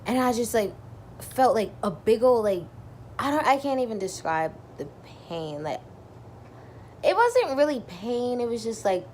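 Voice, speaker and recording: A young adult woman vlogger chats through a personal story, saying "like" a lot and acting out quotes. Her slightly high voice swings widely in pitch, with a measured pace and a darkish tone, over slight background noise.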